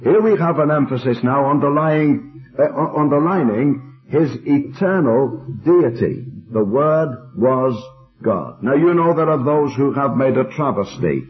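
A man leading a Bible study meeting, teaching in a measured, emphatic way and slowing down on quoted verses. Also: a little high, animated. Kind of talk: teaching and leading group discussion. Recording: dull, tinny old tape recording.

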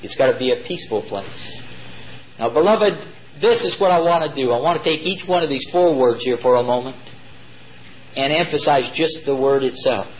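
A man preaching a sermon to his congregation, emphatic and drawing key words out slowly. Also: mid-range voice. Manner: addresses congregation as "beloved". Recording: dull lo-fi recording.

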